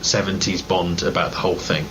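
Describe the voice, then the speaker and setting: A man's voice: deep voice, level tone, brisk, fairly bright tone, slight background noise, rough recording. An English man co-hosting a casual film review chat, rambling and correcting himself as he goes. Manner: rambling, hesitant, self-correcting. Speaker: film review podcast co-host.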